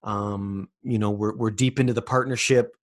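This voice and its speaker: A man's voice: on the low side, fairly even intonation, normal speed. A man giving a spiritual self-help monologue, loose and rambling, swearing for emphasis and asking the listener question after question. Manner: emphatic and profane, with repeated rhetorical questions. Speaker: vlogger.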